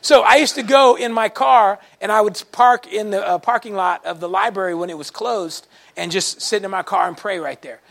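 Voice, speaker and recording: A male pastor preaching to his congregation with a high, bright voice and a gravelly edge. He tells folksy stories, animated and colloquial, and now and then rises into a shout. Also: moderate pace. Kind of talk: sermon. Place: church service before a congregation.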